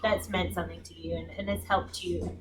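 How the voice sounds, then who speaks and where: A woman chatting casually and reminiscing, quick to laugh as she talks. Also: on the low side, steady tone, over loud music. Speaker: staff member at a pregnancy center. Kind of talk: casual group chat. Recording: loud background noise.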